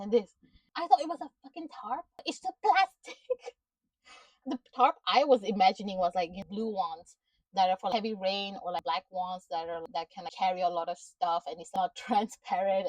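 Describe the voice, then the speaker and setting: A woman's voice: mid-range voice, dry recording, recorded from a distance, rough recording. A woman giving a casual recap of a TV episode, ranting in exasperation with frequent swearing and laughter. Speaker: show reviewer.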